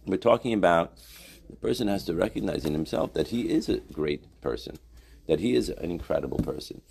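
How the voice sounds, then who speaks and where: Low gravelly male Torah teacher. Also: lively intonation, brisk, noisy background. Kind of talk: Torah class lecture.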